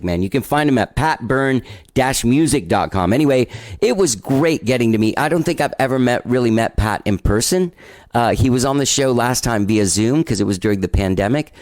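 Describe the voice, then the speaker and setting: A man's voice: fairly low pitch, a little mellow, no echo, clean studio sound. A man hosting a podcast, rambling through a casual, self-deprecating intro and swearing now and then. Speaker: podcast host.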